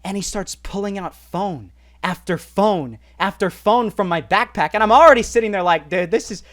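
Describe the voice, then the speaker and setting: Animated man telling a vlog story. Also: high-pitched, normal speed. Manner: animated, lots of fillers like "like" and "right?". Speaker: mobile gaming YouTuber.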